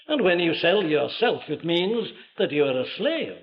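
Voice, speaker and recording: A man's voice: on the high side, big pitch swings, moderate pace. An older man preaching a sermon with emphatic rhetorical questions and dramatic swells of voice. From Wales. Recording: dull lo-fi archive sermon recording.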